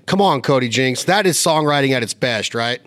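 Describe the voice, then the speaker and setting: Eager podcast host, dry sound. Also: male voice, medium pitch, lively intonation, brisk, fairly bright tone, no room sound. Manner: enthusiastic, emphatic. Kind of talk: casual interview chat.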